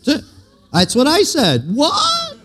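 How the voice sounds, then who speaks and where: Storytelling pastor with a higher voice. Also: male voice, animated. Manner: storytelling preacher, swinging from slow emphatic lines to quiet asides. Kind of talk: sermon.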